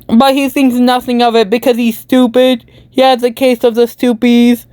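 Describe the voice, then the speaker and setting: A woman's voice: high-pitched, unhurried, a little mellow, no room sound. A woman giving a goofy, rambling comedic movie recap full of meme slang. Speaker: YouTube commentator.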